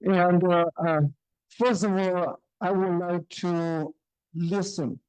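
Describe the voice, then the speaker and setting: A man's voice: high-pitched, steady tone, takes it slowly, a little mellow, smooth, dry recording, rough recording. A male professor from China lecturing in English, hesitant with many fillers, often checking in with the audience. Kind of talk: university lecture. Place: lecture room.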